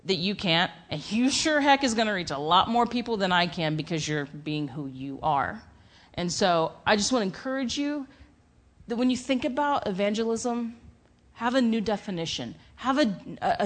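Animated woman preaching with conversational ease. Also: mid-range voice. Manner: animated and conversational, acts out inner dialogue. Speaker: speaker at a church gathering. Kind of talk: sermon with personal story.

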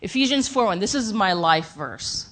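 A woman's voice: medium pitch, lively intonation, normal speed, a bit bright. A woman giving a conversational sermon to a live audience. She tells a personal story and acts out her inner dialogue. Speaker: speaker at a church gathering.

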